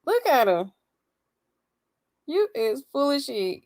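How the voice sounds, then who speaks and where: A woman's voice: high-pitched, very animated, slow, darkish tone, no room sound, studio quality. A woman hosting a casual gossip commentary stream, reacting to clips with sassy, teasing remarks.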